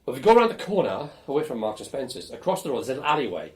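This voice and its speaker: An older man being interviewed for an oral history, telling lively, blunt stories about his student days. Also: mid-range voice, rapid-fire. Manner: lively storyteller, animated and blunt, swears casually.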